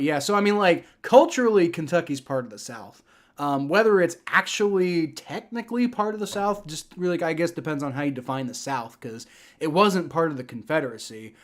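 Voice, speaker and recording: Rambling young man reacting to a live game. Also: mid-range voice. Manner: rambling, many restarts and fillers. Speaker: livestream host. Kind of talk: casual live reaction and play-by-play.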